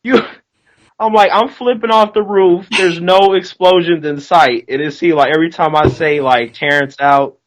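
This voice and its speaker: A man's voice: a little high, normal speed, rough recording. A man chatting casually about a TV show, telling stories animatedly and acting out the voices of people in them. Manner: animated storyteller, acts out quotes loudly. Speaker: co-host. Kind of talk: casual chat.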